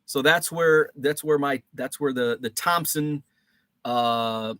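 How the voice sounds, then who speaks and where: A man's voice: mid-range voice, slow pace, a bit bright, dry recording, clean studio sound. A man hosting a casual live stream, greeting viewers from the chat and telling rambling stories full of fillers and restarts.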